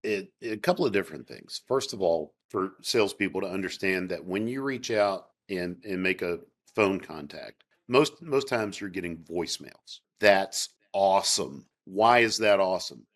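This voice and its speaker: A man's voice: low-pitched, lively intonation, normal speed, few pauses. An older man who is a sales coach, answering interview questions in an emphatic, coaching way with punchy phrases.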